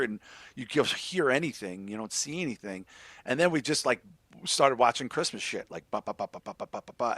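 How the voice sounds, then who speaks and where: A man's voice: mid-range voice, pushed and bright, no echo. Upbeat male podcast host. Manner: upbeat, joking, rambling. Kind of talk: casual podcast chat.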